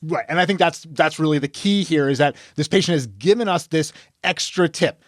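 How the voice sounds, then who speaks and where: High-voiced man telling an ER case. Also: moderate pace, no echo, studio quality. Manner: storytelling, acts out dialogue. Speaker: emergency physician. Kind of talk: case discussion podcast.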